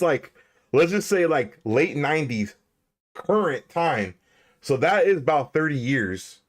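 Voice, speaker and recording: A man in his thirties chatting casually on a live stream, excitable and laughing, rambling with many restarts. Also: medium pitch.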